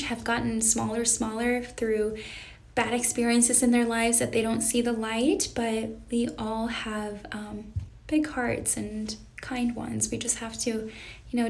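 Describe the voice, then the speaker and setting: Young woman life coach chatting on a live, kinda high voice with lots of vocal fry, earnest and reflective. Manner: earnest, reflective, reads viewer questions aloud. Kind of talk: casual live-stream chat. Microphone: phone or webcam on a live stream.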